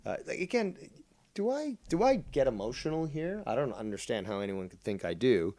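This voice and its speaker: A middle-aged man hosting a casual call-in show, talking in a calm, droning monotone and cursing bluntly without ever raising his voice. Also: mid-range voice, brisk. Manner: calm, never yells, blunt and profane. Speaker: show host.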